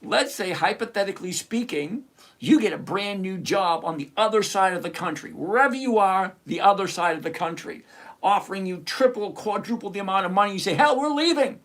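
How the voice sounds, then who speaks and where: A man's voice: sits high, fairly quick, fairly bright tone. A man hosting a live stock-picking stream, blunt and sarcastic, explaining stock numbers like a chatty teacher. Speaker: livestream host. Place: at his computer, reviewing charts.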